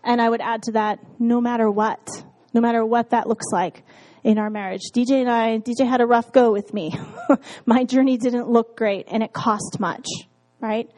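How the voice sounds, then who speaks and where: A woman's voice: fairly high pitch, steady tone, moderate pace, a little mellow, poor audio. A married woman casually telling her faith story, candid, with frequent fillers and laughs. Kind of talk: casual testimony talk.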